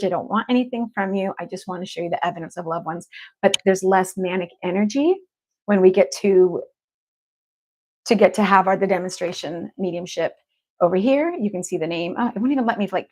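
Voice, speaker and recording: A woman streaming as an evidential medium talks casually to her audience, keeping things upbeat and effusive and repeatedly saying she loves them. She speaks at an ordinary middle pitch.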